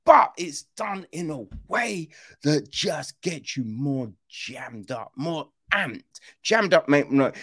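A man hosting a film podcast, chatting casually in an animated, slangy way, swearing and laughing often. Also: on the high side. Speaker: podcast host, film reviewer. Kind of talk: casual chat.

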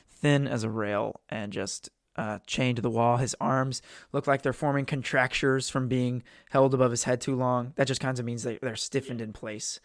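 A man guiding a tabletop game as its game master, narrating the scene at a middling pitch. His delivery is casual and easygoing, heard close and dry with no room around it. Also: no echo.

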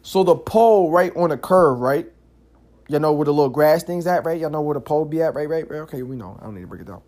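A man hosting a casual solo podcast, telling stories in an animated, slangy way, cursing freely and filling his talk with "yo" and "like". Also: on the high side, fast. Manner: animated, slangy storytelling with frequent "yo" and "like"; curses freely. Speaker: podcast host.

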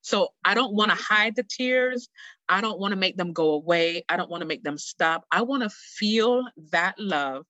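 A middle-aged woman speaking as a guest, telling a personal story in an earnest, heartfelt, animated way. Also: medium pitch, normal speed, dry recording, lo-fi sound.

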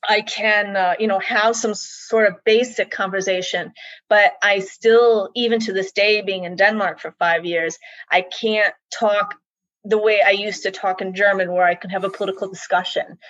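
A woman's voice: mid-range voice, fairly even intonation, moderate pace, fairly bright tone, no echo. Woman, hesitant, reflective, casual interview, dull dry audio. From United States. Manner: hesitant, many restarts and likes, reflective. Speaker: interview guest. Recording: dull, slightly muffled dry sound.

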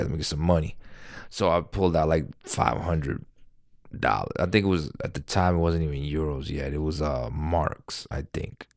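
A middle-aged man with a low voice tells a loose, rambling anecdote on his podcast. He swears freely and keeps stopping to correct himself. The recording is dry and close. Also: dry recording. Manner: rambling, profane, frequent self-corrections. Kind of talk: casual storytelling. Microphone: podcast microphone.

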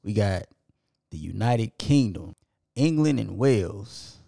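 A podcast co-host reads off his listeners' towns at an unhurried pace, with a gravelly rasp in his voice. He stumbles over names he can't pronounce and apologizes good-naturedly. The sound is dry, with no room echo. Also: on the low side, lively intonation, dark tone. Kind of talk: casual podcast shout-outs to listeners.

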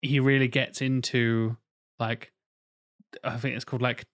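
A man's voice: medium pitch, little pitch movement, measured pace, fairly bright tone. A man co-hosting a podcast, chatting casually in a blunt, rambling way with plenty of swearing. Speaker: podcast co-host. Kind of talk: casual chat.

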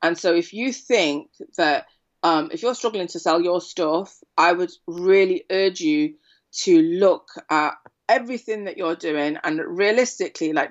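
A woman's voice: fairly low pitch, muffled recording. A woman copywriter guest chatting casually in an interview, telling stories with lots of "right?" tags. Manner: animated storyteller, frequent "right?" tag questions.

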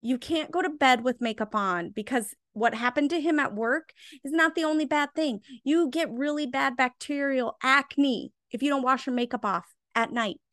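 A woman's voice: high voice, moderate pace, hardly any pauses, a bit bright, dry recording, clean studio sound. A woman co-hosting a casual movie chat, wry and chatty, laughing along. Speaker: podcast co-host.

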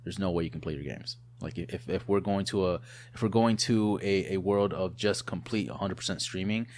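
Casual co-host, a man in his thirties with a very low voice; loose, rambling delivery. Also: moderate pace, slight background noise. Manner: relaxed, rambling, many fillers and restarts. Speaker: podcast co-host. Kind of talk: casual chat.

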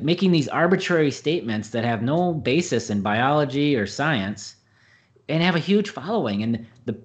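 Rambling middle-aged man, diet coach. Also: mid-range voice. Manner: rambling, frequent fillers and restarts. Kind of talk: conversational interview answer.

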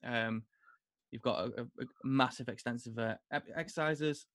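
A man's voice: mid-range voice, a bit bright, no room sound. Give me a man hosting a chat podcast. He jokes easily and fills the gaps with fillers. His voice is recorded dry and close. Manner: chatty, full of fillers, quick to joke. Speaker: podcast host.

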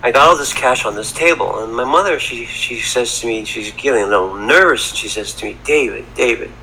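A man's voice: medium pitch, fairly quick, bright, forceful tone, a little hiss or hum, poor audio. A middle-aged man telling a story as a podcast guest, rambling and repeating words, from Canada. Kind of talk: casual storytelling. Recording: faint background ambience.

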